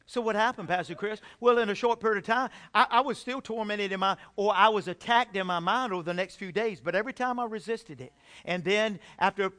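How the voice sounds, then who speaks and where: Middle-aged male pastor, high bright voice, emphatic sermon testimony. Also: fairly quick. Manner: emphatic, testimony-style preaching with swings in loudness.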